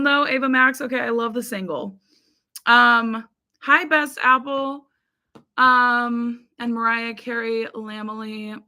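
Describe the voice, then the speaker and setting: With a slightly high, pushed and bright voice, an American woman chats casually on her live stream. She reads comments, greets viewers by name and fills in with lots of ums.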